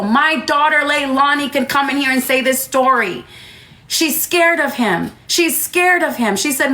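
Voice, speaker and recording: At home on a livestream, a mother in her thirties talks heatedly and emphatically, repeating herself. Her voice is high, expressive, pushed and bright at a moderate pace, with a roomy echo in the recording.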